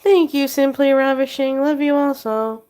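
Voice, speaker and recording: A woman's voice: high voice, normal speed, a little mellow. Woman with a sick voice, livestreaming. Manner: rambling, drifts between chat comments and her pet. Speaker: livestreamer reading chat. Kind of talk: casual livestream chat.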